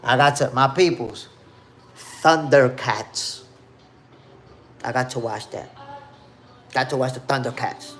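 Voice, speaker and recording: A man's voice: medium pitch, slow pace, long pauses, a bit bright. A man in his fifties hosting a live stream, chatting casually in slang and reminiscing as he reads out the chat. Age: 50s. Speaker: boxing podcast host.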